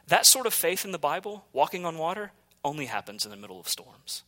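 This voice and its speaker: A male pastor preaching a sermon with animated storytelling, dropping suddenly into quiet asides. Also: on the high side.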